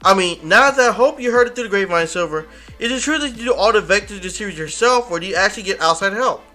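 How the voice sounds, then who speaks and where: A man's voice: high-pitched, animated, fast, bright, forceful tone, soft background music. A man hosting a casual interview, rambling and often restarting his sentences. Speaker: interview host.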